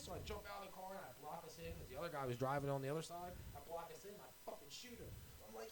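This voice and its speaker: A man hosting a podcast in casual chat, telling stories in an animated, profane way and acting out what people said. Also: fairly high pitch, rapid-fire, few pauses, background noise. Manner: animated, profane storytelling with acted-out quotes. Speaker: podcast host.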